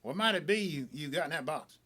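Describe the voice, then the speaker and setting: A man voicing a glum stranger in a mining camp who speaks slowly and deliberately, a bit quietly. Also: a little high, animated.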